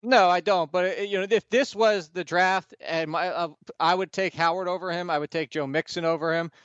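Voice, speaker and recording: Smooth-voiced male co-host, dull mic. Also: high voice, steady tone, a little fast, fairly bright tone, dry recording. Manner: casual, jokey. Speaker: radio show co-host. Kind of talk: fantasy football talk.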